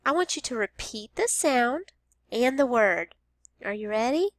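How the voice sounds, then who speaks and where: Slow, clear woman teaching phonics. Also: a little high, lively intonation, dry recording. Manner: slow, careful, over-enunciated. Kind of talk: scripted children's lesson.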